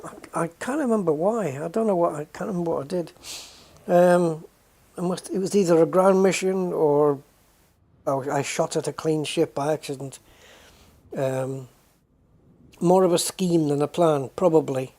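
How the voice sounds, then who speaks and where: A British man chats casually on his game livestream with a warm, mellow tone. He rambles and muses, greeting viewers by name and often correcting himself mid-thought. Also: fairly high pitch. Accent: British English. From United Kingdom.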